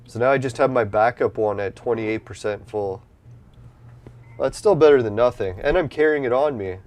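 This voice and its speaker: A man's voice: medium pitch, normal speed, a little mellow. Profane, rambling male gamer. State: runny nose from allergies. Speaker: gameplay streamer. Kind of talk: casual gameplay commentary.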